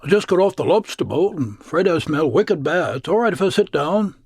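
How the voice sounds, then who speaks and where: A man's voice: on the high side, expressive, a little fast, darkish tone, husky, no echo. A man voicing a shy young Maine lobsterman with a Maine accent who stutters when nervous, in a told story.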